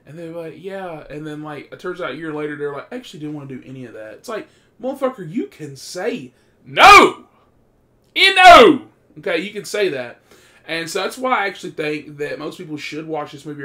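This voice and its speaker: Gravelly, profane casual movie reviewer man. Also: on the high side. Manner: animated, profane, loud bursts of excitement.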